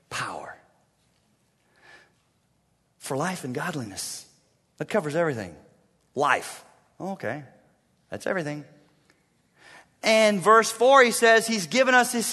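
A man preaching a sermon as a pastor, emphatic and swinging between soft and loud passages. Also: high-pitched, long reverb tail.

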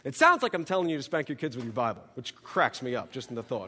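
A man's voice: mid-range voice, big pitch swings, fast, few pauses, pushed and bright, slightly rough. A man preaching a sermon in an earnest, emphatic way, working through numbered teaching points. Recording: long hall reverb.

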